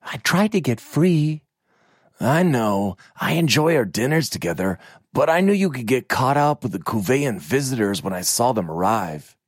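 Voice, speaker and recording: A man voicing a confident, teasing young noblewoman, raising his voice high for her. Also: sing-song, moderate pace, breathy edge, dry recording, studio quality, full character voice. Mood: playful.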